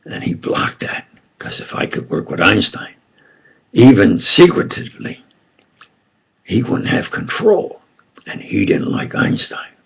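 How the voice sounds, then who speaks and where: An older man with a tough New York accent tells his story in a slow, deliberate monologue, voice deeply gravelly and rough. His pitch rises and falls with lively swings as he presses his points with conspiratorial insistence. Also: muffled recording. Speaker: self-styled preacher and storyteller. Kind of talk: rambling personal monologue.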